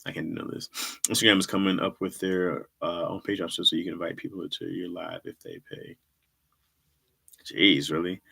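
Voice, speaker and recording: A man's voice: low voice, fairly even intonation, fairly quick, vocal fry, pushed and bright, breathy edge. A man hosting a livestream, chatting casually with viewers in a laid-back, slangy way and laughing often. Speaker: livestream host and comedy writer.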